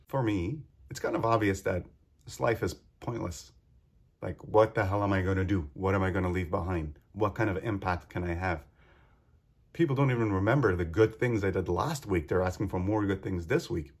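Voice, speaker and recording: A man's voice: low-pitched, normal speed, slightly rough. A man hosting a solo podcast, talking earnestly and with feeling, full of rhetorical questions. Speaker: podcast host.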